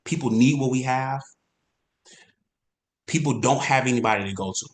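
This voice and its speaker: Energetic man coaching salespeople. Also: medium pitch, normal speed. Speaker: insurance sales trainer. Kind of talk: motivational sales training talk. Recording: roomy echo.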